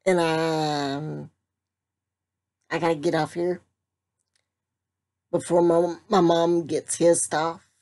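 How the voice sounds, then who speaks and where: A woman, talking slowly in a casual vlog and breaking into laughter again and again. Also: deep voice, flat delivery, a little mellow. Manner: giggly, keeps breaking into laughter; slow, drawn-out talk. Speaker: vlogger.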